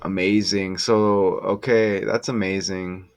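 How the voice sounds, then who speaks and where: A man musing slowly over basketball schedules and number matches, breaking into excited exclamations. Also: low-pitched. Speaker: gematria sports commentator. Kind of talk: casual solo commentary over on-screen schedule. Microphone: desk mic.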